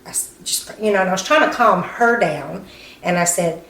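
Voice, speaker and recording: In an interview about her sister's death, a woman recounts events haltingly, acting out what people said to her and often saying "um" and "you know." Her medium-pitched voice is fairly bright with some vocal fry. The room is echoey, with faint background noise.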